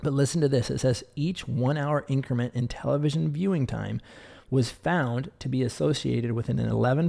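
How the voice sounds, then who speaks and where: A man with a gravelly, dark voice delivers a blunt motivational podcast monologue. He talks like a doctor scolding his listeners, repeating his points for emphasis. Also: medium pitch.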